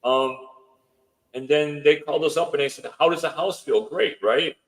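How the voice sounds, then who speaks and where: A man's voice: on the high side, moderate pace, rough recording. A man speaking as a podcast guest, telling a long story casually, quoting what others said again and again, with many restarts and fillers. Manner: retells events with lots of quoted dialogue; rambling, with restarts and filler words. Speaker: podcast guest, house owner.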